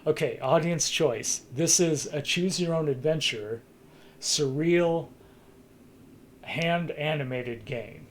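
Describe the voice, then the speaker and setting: A man's voice: fairly high pitch, slow pace, a little hiss or hum. A man hosting his live stream, chatting casually and a little tired, often restarting his sentences. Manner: rambling, restarts mid-thought, chuckles. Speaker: streamer hosting a talk segment.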